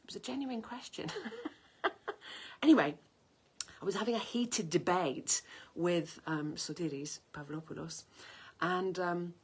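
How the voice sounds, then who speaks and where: A woman's voice: fairly low pitch, measured pace, long pauses, husky. A woman in her fifties chatting casually to camera from her kitchen, rambling from one story to the next. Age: 50s. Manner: chatty storyteller, wanders off topic. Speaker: health and cooking vlogger. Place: home kitchen in the countryside.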